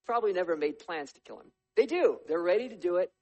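Man preaching, tells the story lively with jokes on the side; slightly high voice, dry recording. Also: quick pace, dry recording, poor audio. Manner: lively storytelling with humorous asides. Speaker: pastor. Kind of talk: sermon.

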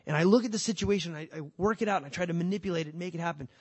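Man, sermon, pastor, slightly high voice, casual animated preaching, loud and quiet swings, dry close sound. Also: rapid-fire, breathy edge, dry recording. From California. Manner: animated, colloquial preaching that swings between loud emphasis and quiet, earnest lines.

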